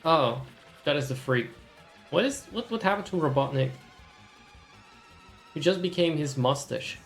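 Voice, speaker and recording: Young male streamer, gravelly edge, dry sarcastic commentary, faint music underneath. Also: on the high side, lively intonation, unhurried, long pauses. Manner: wry, sardonic running commentary. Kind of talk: gaming stream commentary with voiced dialogue.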